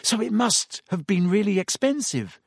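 A man's voice: sits high, sing-song, moderate pace, slightly rough, no room sound, studio quality, voice pushed up, full character voice. A man voicing a fretful, bossy schoolgirl. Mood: worried. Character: clever bossy teenage schoolgirl.

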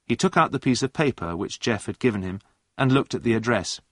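A man narrating a storybook in a clear reading voice. His pitch sits in the middle but rises and falls with plenty of life. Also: expressive, brisk, dry recording. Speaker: audiobook narrator.

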